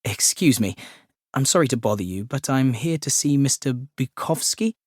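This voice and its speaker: A man's voice: medium pitch, expressive, moderate pace, slightly rough, dry recording, clean studio sound. A man voicing a polite, apologetic young Englishman. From England.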